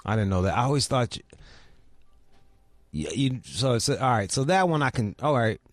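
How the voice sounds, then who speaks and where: A man's voice: mid-range voice, animated, moderate pace. A young man hosting a podcast, chatting casually with crude, teasing talk and heavy swearing. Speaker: podcast host. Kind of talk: casual chat.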